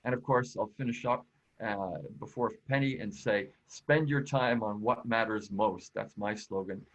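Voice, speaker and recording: A man presenting a webinar in a casual, friendly way, often pausing with fillers. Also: fairly low pitch. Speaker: productivity expert and presenter. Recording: slightly dull, lo-fi audio.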